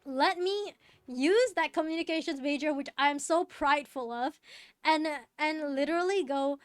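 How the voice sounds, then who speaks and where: A woman's voice: high-pitched, moderate pace, no room sound, studio quality. A young woman streaming, chatting casually and rambling with lots of fillers, restarts and laughs. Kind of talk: casual chat while gaming.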